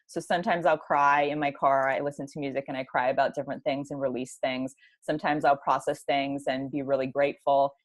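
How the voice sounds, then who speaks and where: A woman's voice: sits low, dry recording. A young woman from Hawaii, a podcast guest talking openly and reflectively in long, flowing sentences about her daily life. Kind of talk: casual interview conversation.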